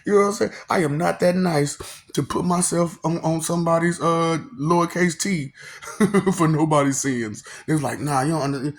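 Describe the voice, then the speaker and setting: Man, rambling monologue, laughs a lot, profane, loud then muttering. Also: fairly high pitch, normal speed. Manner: makes mouth sound effects. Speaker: monologue host.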